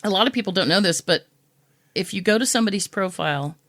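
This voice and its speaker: A woman co-hosting a podcast in casual chat, telling stories in an animated, indignant way. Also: mid-range voice, quick pace. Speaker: podcast co-host.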